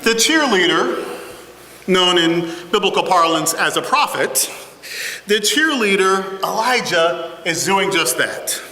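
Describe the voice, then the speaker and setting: A man in his forties preaches a sermon as pastor in a large church sanctuary, dropping in humorous, self-deprecating asides. His high-pitched voice is pushed and bright, with lively intonation and a slow pace. The echoey hall holds a congregation.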